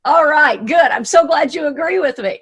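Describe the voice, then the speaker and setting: A middle-aged woman from Arkansas with a Southern US accent, a radio DJ giving a lively motivational talk over a video call, folksy and chatty with playful asides. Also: high voice, normal speed. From Arkansas, USA.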